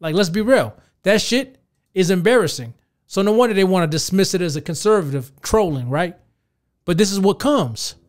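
A man in his thirties hosting a podcast, ranting in a casual, profane, animated way and talking straight to his listeners. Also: high voice, normal speed. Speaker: podcast host.

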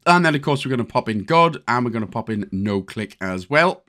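Lively chatty Welsh man guiding gameplay. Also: medium pitch, a little fast. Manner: chatty, jokey, step-by-step instructions. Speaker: gaming channel host. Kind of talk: casual game walkthrough commentary.

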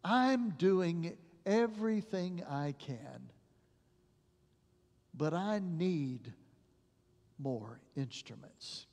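A preacher voicing a stammering, helpless doctor. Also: male voice, a little high, animated, darkish tone, in a large hall, full character voice. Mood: sorrowful. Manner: stammering, halting.

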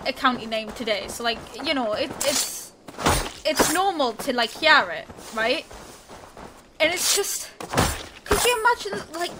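A young woman streamer talks over her gameplay in unhurried, exasperated asides, breaking into giggles. Her voice sits high, and clear noise runs underneath. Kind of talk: casual let's play commentary.

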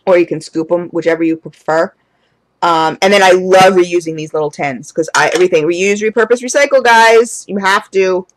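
A woman vlogging an unboxing in a casual, chatty way, gushing with excitement, calling her viewers "guys" and sounding close to tears with gratitude. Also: fairly low pitch, normal speed, dry recording, rough recording. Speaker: candle and wax hobby vlogger.

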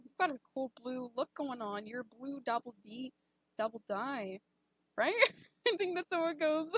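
Giggly high-voiced young woman streamer. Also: dry recording, lo-fi sound. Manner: giggly, gushing, lots of "like" and "literally". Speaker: game streamer. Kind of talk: casual live-stream chat.

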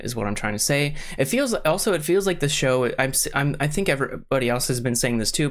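A young man giving a casual, rambling rant to camera, full of fillers and restarts, getting worked up as he goes. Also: medium pitch. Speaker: vlogger, show reviewer.

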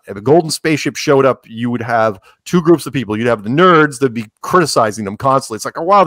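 A man talking casually as a podcast guest, rambling with jokes and animated asides. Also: medium pitch, no room sound, clean studio sound. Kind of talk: casual interview talk.

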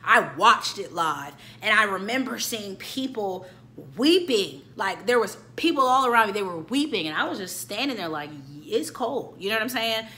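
A woman in her late twenties reviewing a film in a chatty, animated way, talking straight to her viewers. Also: mid-range voice, normal speed. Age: late 20s. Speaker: YouTube movie reviewer. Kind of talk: casual chat review.

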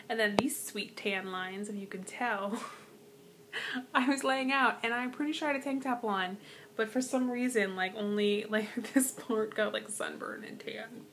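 A young woman vlogging casually from her bedroom into an iPad, rambling with lots of "like" and soft whispered asides. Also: on the high side, vocal fry, slight background noise. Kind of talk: casual chat to camera. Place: bedroom at home. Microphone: iPad propped on bed.

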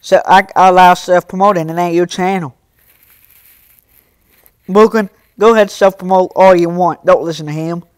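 A man's voice: high-pitched, fairly even intonation, normal speed, pauses often, clean tone, no room sound, studio quality. A young man live streaming, reading and answering his chat in casual talk, scolding some viewers and joking with others. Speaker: livestreamer.

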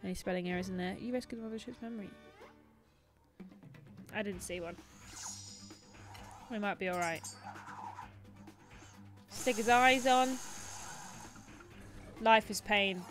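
A woman's voice: mid-range voice, fairly even intonation, slow pace, long pauses, fairly bright tone, soft background music. A young woman hosting a live stream, chatting playfully through gameplay commentary and teasing the game.

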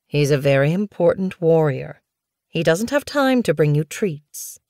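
A woman voicing a gentle, patient mother cat in an audiobook. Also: low voice, very animated, measured pace, no room sound, studio quality, full character voice. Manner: soothing, patient, firm. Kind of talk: audiobook character voice.

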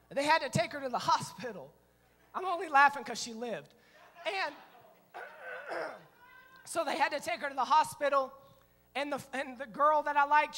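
A middle-aged man preaching a sermon as pastor, telling stories in an animated way and breaking into shouts. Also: extremely high pitch. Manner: animated storytelling, acting out scenes, bursts of shouting. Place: church sanctuary. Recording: long reverb of a church hall.

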